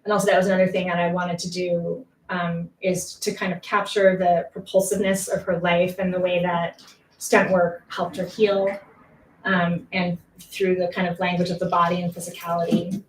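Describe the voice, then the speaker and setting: A woman's voice: lowish voice, little pitch movement, normal speed, slight background noise. A woman co-writer talking casually at a bookshop event, hesitating and repeating words as she thinks. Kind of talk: casual conversation at a book event. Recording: echoey room, mic at a distance.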